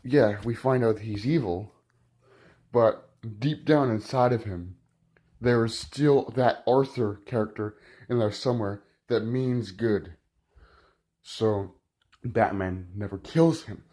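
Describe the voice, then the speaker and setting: A man's voice: lowish voice, slow pace, dark tone. A man giving a casual spoken film review, rambling and often restarting with "like".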